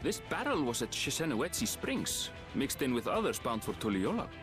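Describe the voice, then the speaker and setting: A man voicing a calm frontier investigator in a video game, explaining things in a measured way. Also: medium pitch, lightly acted. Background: game music.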